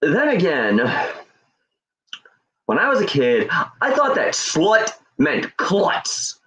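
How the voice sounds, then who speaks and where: A man doing a stand-up comedy set, deadpan and hesitant, with many fillers. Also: high voice, slow pace. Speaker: stand-up comic. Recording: dull lo-fi sound.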